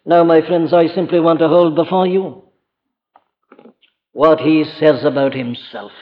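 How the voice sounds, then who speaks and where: Male preacher, earnest and emphatic, fairly high voice, long hall echo, dull archive sound. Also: fairly even intonation, unhurried. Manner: earnest, emphatic, rhetorical questions, acts out quoted voices. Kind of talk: sermon.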